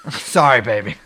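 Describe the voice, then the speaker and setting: A man's voice: medium pitch, sharp tone, breathy edge. A man co-hosting a podcast, talking casually with a sardonic, swearing edge. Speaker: podcast co-host.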